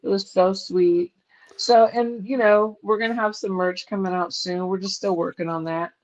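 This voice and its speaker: A woman at an ordinary middle pitch hosts a boxing talk show. She speaks in a relaxed, easygoing way and teases her co-host now and then. The audio is dull and lo-fi. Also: normal speed. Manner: relaxed, easygoing, playful teasing. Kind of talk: casual chat. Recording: dull lo-fi sound.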